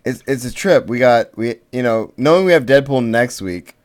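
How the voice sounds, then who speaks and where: Smooth-voiced, rambling male podcast co-host. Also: medium pitch, animated, normal speed. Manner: rambling, lots of fillers and restarts. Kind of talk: casual chat.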